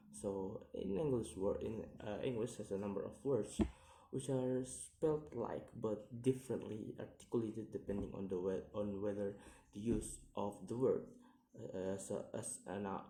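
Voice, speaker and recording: A man explaining a pronunciation lesson hesitantly, with many fillers, slowly repeating each example word. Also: fairly low pitch, warm tone. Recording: echoey room.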